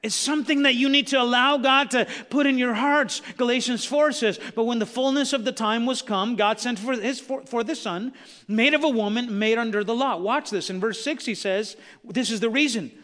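A male pastor preaching a sermon, swinging from quiet asides to shouted emphasis, with recurring "watch this" refrains. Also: very high voice, moderate pace, big-room sound. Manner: frequent "watch this" and "the Bible says" refrains.

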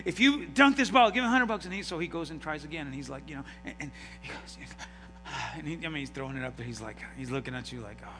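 A man preaching a sermon as pastor, telling stories with acted-out voices and lively emphasis. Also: mid-range voice, fast, over music. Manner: animated storytelling with acted-out voices. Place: church sanctuary. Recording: live hall reverb with mains hum.

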